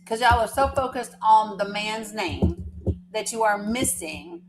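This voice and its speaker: A woman's voice: a little high, steady tone, unhurried, over music, low-quality recording. Chatty woman rambling to her live chat. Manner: casual swearing. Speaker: livestream host. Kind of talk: casual storytelling to a live chat.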